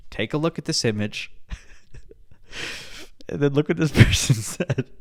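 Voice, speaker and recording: A man's voice: fairly high pitch, unhurried, pauses often. Profane rambling podcast host, man. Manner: profane, rambling, laughs a lot. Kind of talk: casual podcast chat.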